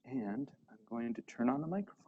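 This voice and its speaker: A man's voice: medium pitch, expressive, fairly quick, phone-quality sound, a little hiss or hum. A man presenting a workshop seminar to a live audience, conversational and full of questions to the room.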